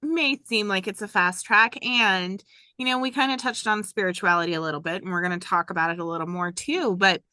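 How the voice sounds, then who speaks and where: A woman hosting a podcast conversation with a bright, forward tone. Her voice sounds dry and close, and she speaks in an affirming, thoughtful way. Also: medium pitch, no echo. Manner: affirming, thoughtful, builds points with restarts. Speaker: podcast host.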